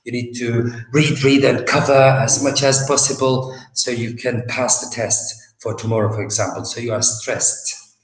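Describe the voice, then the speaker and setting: A man with an Arabic accent teaching English vocabulary in a recorded university lesson, speaking slowly and patiently with many "uh" pauses and explaining through everyday examples. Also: mid-range voice, steady tone, roomy sound, low-quality recording.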